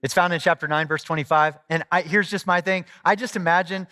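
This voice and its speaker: A man's voice: high voice, fairly even intonation, a little fast, pushed and bright. A middle-aged man from Southwest Missouri, a pastor preaching a sermon in a conversational, storytelling way with asides. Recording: long hall reverb.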